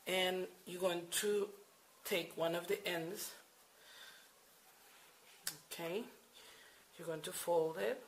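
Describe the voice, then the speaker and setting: A woman's voice: fairly low pitch, steady tone, slow pace, pauses often, a little hiss or hum, rough recording. A woman explaining crochet steps in a casual, hesitant way, full of fillers and repeated instructions. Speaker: crochet tutorial maker. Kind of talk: casual how-to demonstration. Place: home at night.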